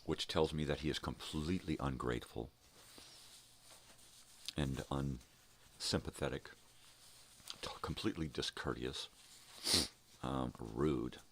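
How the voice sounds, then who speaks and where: A man's voice: very deep voice, takes it slowly, creaky, pauses often, slight background noise. An older man hosting his own vlog, telling a heated, profanity-filled story in a casual ranting monologue. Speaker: vlog host. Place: home.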